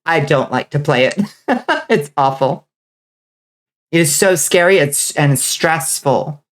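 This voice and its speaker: A woman's voice: low-pitched, takes it slowly. Chatty joking woman streamer. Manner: chatty, joking, answers viewer chat; laughs often. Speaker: vtuber streamer. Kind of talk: casual live-stream chat.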